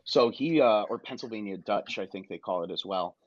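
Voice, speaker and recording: A man with a lowish voice hosts a casual conversation, easygoing as he recounts stories. The sound is dry and slightly dull. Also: fairly quick, slightly rough, dry recording. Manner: relaxed, laughs along, asks prompts. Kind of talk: casual chat.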